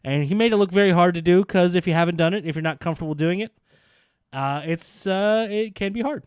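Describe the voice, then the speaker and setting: A man co-hosting a casual wrestling podcast, sarcastic and quick to act out mock quotes in silly voices. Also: high voice, clean tone, dry recording, studio quality. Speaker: podcast co-host.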